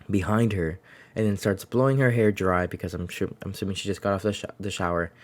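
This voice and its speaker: A young man with a somewhat low voice chats his way through a comic review. He restarts sentences often and keeps it loose and unpolished. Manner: rambling, chatty, frequent restarts and laughs. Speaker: manga reviewer. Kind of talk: casual video review.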